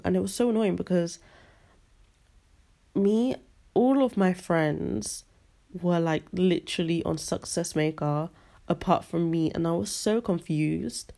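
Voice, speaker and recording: A young woman hosting a podcast, telling stories in an animated, ranting, slangy monologue. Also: lowish voice, gravelly. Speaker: podcast host. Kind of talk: casual storytelling monologue.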